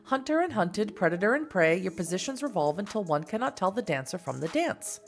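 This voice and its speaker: A woman's voice: medium pitch, sing-song, brisk, soft background music, voice pushed up. A woman voicing an ancient, disdainful fairy woman who speaks in a formal, haughty way. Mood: lofty.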